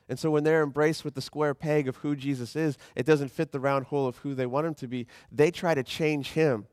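A man's voice: mid-range voice, darkish tone, no echo, clean studio sound. A man preaching a sermon as a pastor, talking in a conversational way and acting out the voices he quotes.

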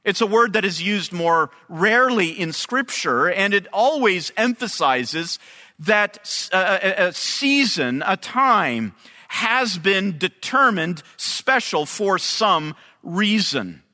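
A male preacher with a high, bright voice, teaching through a Bible passage in a measured, careful way. He speaks at an unhurried pace, and long reverb hangs on his words. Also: big pitch swings. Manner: measured teaching delivery, explaining Hebrew terms. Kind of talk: expository sermon.

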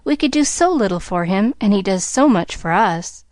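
A woman's voice: medium pitch, lively intonation, moderate pace, no echo, clean studio sound, close to an everyday voice. A woman voicing a tomboyish girl speaking with eager, mock-formal earnestness.

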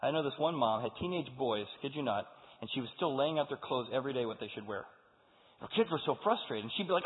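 A man preaching a sermon to a congregation, talking in an animated way and acting out the voices of the people he quotes. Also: mid-range voice, fast. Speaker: pastor. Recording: phone-like sound with long hall reverb.

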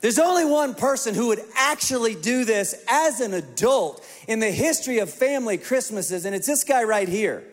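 A man preaching a sermon to a large congregation, telling stories in an animated way that swings from hushed to emphatic. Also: very high voice, normal speed, hardly any pauses. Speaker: pastor. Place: large church auditorium. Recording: long reverb of a large hall.

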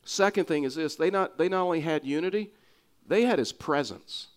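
Preaching a sermon at normal speed, this Texas-accented man speaks smoothly in a voice pitched somewhat high for a man. He's earnest and circles back often, restarting and repeating phrases for emphasis.

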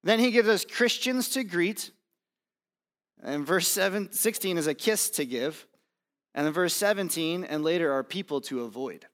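A man preaching a sermon to his congregation in a conversational, self-deprecating way, with fillers and pauses. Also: sits high, lively intonation, fairly bright tone. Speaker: pastor. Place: church campus.

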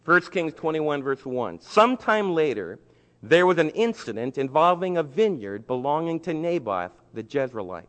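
Animated preacher in an echoing hall. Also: male voice, on the high side, moderate pace. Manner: animated, colloquial storytelling. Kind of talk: sermon storytelling.

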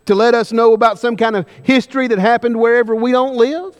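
A man preaching a sermon, pressing the congregation with repeated questions and slowing down for emphasis. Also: very high-pitched. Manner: emphatic, questioning the congregation, varying pace widely. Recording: long hall reverb.

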